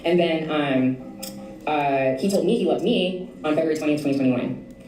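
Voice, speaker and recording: A woman's voice: deep voice, normal speed, mellow, distant mic. A woman telling her own story in a casual vlog, rambling and hesitant with many ums. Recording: echoey room, away from the mic.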